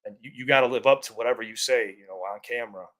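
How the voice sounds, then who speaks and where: A man talking in a loose, unscripted chat, his voice sitting at an ordinary middle pitch. He speaks candidly and swears freely. When he tells a story he gets animated. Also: fast talker. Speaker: content creator and co-host. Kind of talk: casual chat.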